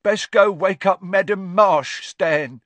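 A man's voice: high voice, takes it slowly, fairly bright tone, no echo, pitched above the performer's own voice. A man playing a curt elderly wizard driver. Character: elderly male wizard bus driver, gruff.

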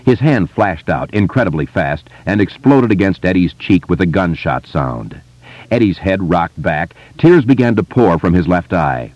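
A man narrating an audiobook in an expressive, dramatic manner. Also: deep voice, normal speed, dry recording. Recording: slightly muffled dry studio.

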